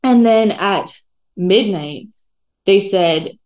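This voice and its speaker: A woman hosting a casual solo podcast from her dining room table, telling a story in a rambling, animated way with lots of fillers. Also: medium pitch, very slow, low-quality recording. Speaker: podcast host. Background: dog running around.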